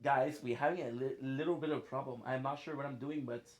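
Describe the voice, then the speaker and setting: A man's voice: mid-range voice, steady tone, fairly quick. A male streamer chatting casually as he plays, rambling from thought to thought. His talk is playful and loose, and he laughs easily between sentences. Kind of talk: casual chat while gaming.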